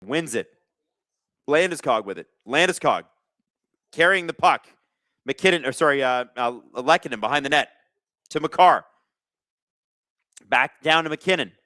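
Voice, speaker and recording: A man's voice: a little high, animated, unhurried, pauses often, bright, forceful tone, dry recording. A man hosting a live hockey watch-along, chatting with viewers and calling the plays. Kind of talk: casual live-stream hockey commentary.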